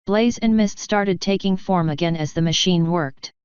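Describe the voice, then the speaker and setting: A woman reading a fanfiction story aloud in an even, steady way. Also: fairly low pitch, moderate pace, clean tone, no room sound, dull audio. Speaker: fanfiction reader.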